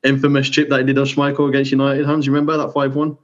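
A man's voice: medium pitch, completely flat delivery, rapid-fire. A man co-hosting a podcast in a laid-back, slangy and bantering way. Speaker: podcast co-host. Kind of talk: casual podcast chat. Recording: dull lo-fi sound.

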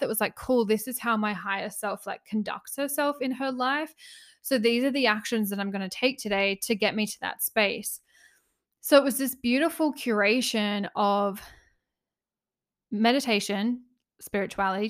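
Breathless woman on a spiritual podcast. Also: medium pitch. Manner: earnest, passionate, uses "like" often. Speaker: spiritual coach and podcast host. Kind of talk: casual solo podcast monologue. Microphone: close podcast mic.

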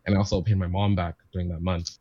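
Casual male storyteller, deep voice, rambling and repetitive, dry lo-fi sound. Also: little pitch movement, fast talker, warm tone, no room sound. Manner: rambling, repeats himself, quotes family members. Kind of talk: casual chat, personal story.

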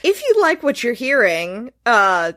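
A woman's voice: a little high, very animated, measured pace, bright, forceful tone. A young woman co-hosting a podcast, chatting casually and trading dry, wry quips. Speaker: podcast co-host. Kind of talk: casual chat.

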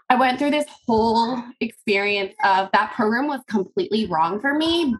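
A woman's voice: on the high side, a bit bright. A woman in her thirties, a podcast guest telling a long story in casual, rambling interview chat, full of fillers and acted-out quotes.

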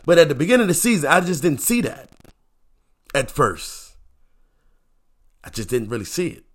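A man hosting a casual sports opinion show, talking in an animated, repetitive way and firing off rhetorical questions. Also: a little high, normal speed.

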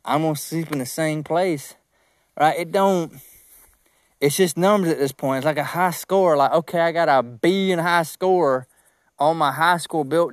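A man hosting his own podcast, talking casually about business in a rambling, animated way, with emphatic repeated no's and self-deprecating asides. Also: a little high, no room sound. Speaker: podcast host.

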